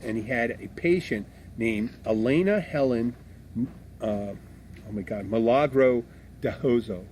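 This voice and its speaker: Blunt Philadelphia-born podcast host, swears easily, rambles with restarts, mid-pitched voice, faint background noise. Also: male voice, a little mellow. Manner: blunt, swears freely, self-described abrasive. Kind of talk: casual podcast chat.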